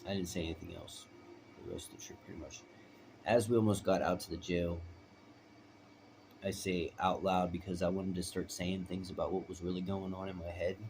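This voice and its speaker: A man's voice: sits low, level tone, moderate pace, noisy background. A man telling his own story in a rambling, emphatic way, often asking "right?". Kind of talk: personal storytelling.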